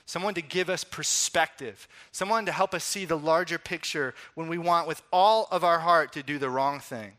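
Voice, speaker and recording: Bright-voiced man preaching conversationally. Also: on the high side, moderate pace, hardly any pauses. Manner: conversational, animated storytelling with acted-out quotes. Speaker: pastor. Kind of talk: sermon.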